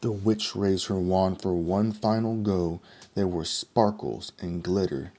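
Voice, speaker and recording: A man reading a rhyming picture book aloud in a steady, rhythmic storytelling manner. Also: low-pitched, takes it slowly. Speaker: storybook reader.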